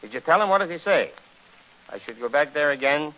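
A man's voice: fairly high pitch, fairly quick. A man doing a rambling comic monologue and a one-sided phone call on the radio, joking his way from story to story. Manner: rambling, jokey storyteller with a lively, animated delivery. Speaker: radio comedian. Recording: dull lo-fi old radio recording with faint hiss.

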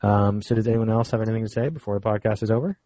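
A man's voice: lowish voice, rapid-fire, dark tone, dry recording, poor audio. A man hosting a casual sports podcast over a remote call. He talks loosely and jokes around. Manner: laughs often, loose and jokey. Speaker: podcast host.

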